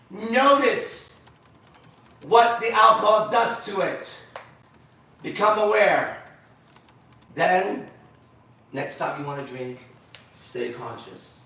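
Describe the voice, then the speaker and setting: High-voiced guy preaching slow and blunt, lots of repeats, echoey room far from the mic. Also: gravelly, pushed and bright. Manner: emphatic, blunt, repeats phrases for stress. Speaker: preacher leading a men's group. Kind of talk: sermon-style teaching.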